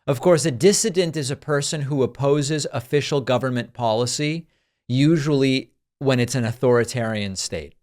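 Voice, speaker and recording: A man's voice: mid-range voice, moderate pace, a little mellow. A man hosting a political commentary show, reacting to clips in a dry, sarcastic way on a studio microphone.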